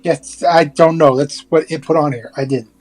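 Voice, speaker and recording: A man's voice: a little high, steady tone, moderate pace. A man playing a tabletop game, chatting casually and laughing easily. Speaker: player.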